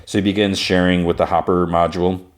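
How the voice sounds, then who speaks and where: A man's voice: low voice, level tone, fast. A man hosting a podcast, casually recapping a show in a rambling, filler-heavy way. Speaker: podcast host.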